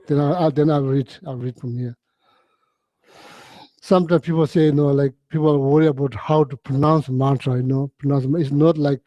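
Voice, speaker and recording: Man, Buddhist teacher; slightly high, warm voice; halting, chuckly storyteller. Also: no echo. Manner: halting, repeats words, chuckles often, chatty. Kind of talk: relaxed dharma talk storytelling.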